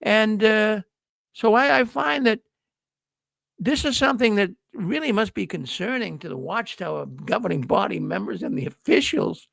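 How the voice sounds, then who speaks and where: A man's voice: high voice, lively intonation, moderate pace, creaky, a bit bright, dry recording. A middle-aged man hosting a news livestream, talking casually to viewers in a folksy storytelling way and acting out the dialogue he quotes.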